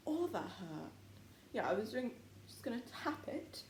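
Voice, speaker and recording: A woman's voice: on the high side, sing-song, moderate pace. A young woman vlogging from her kitchen, rambling and giggly, her voice swinging up and down as she chats. She sounds tired and keeps yawning. The room is echoey, with a faint hum behind her. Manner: rambling, giggly, full of "like" and "literally". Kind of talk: casual chatty vlog while cooking. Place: home kitchen, indoors.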